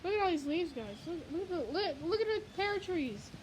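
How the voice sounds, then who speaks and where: A woman's voice: very high-pitched, very animated, brisk, a little hiss or hum, poor audio. A woman filming a windstorm on her phone outdoors, giving breathless, exclamation-filled live commentary. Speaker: storm vlogger. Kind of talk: excited live storm commentary. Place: outdoors by a house, then a garage, in a windstorm. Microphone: handheld phone.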